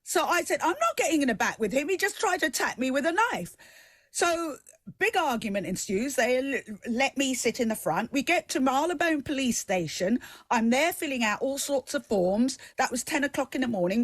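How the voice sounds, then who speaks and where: A middle-aged woman hosting a TV talk show, telling a story with animated emphasis. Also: a little high, no room sound. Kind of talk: live TV debate and personal story.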